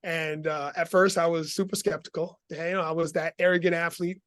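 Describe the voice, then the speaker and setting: A middle-aged man as an interview guest, telling his story in an animated, laughing way. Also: a little high, brisk, no room sound.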